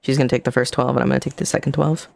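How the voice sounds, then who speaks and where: A woman's voice: rumbling low, fairly even intonation, rapid-fire, gravelly, a little mellow, no room sound. A woman streamer and game master chatting casually in a flirty, playful, laid-back manner. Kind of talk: casual chat.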